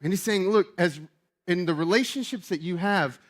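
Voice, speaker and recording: A man preaching a sermon as pastor, in an animated, emphatic and conversational way. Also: high-pitched, moderate pace.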